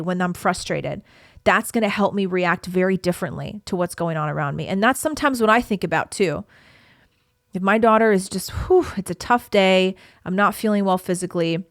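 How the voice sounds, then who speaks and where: A woman's voice: mid-range voice, no echo. Earnest young woman podcaster, dry close sound. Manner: earnest, encouraging, conversational. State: pregnant. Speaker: podcast host. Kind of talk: casual solo podcast talk.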